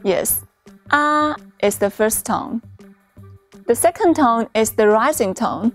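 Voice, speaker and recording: A woman's voice: a little high, expressive, unhurried, darkish tone. Woman teaching pronunciation over music. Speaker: Chinese teacher. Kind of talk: scripted lesson dialogue.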